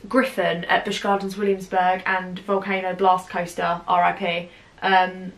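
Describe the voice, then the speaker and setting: Mujer británica entusiasta, charla casual. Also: female voice, on the low side, monotone, measured pace, low-quality recording. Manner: enthusiastic, teasing, laughs often. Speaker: co-host, roller coaster fan. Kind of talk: casual chat. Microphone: camera mic.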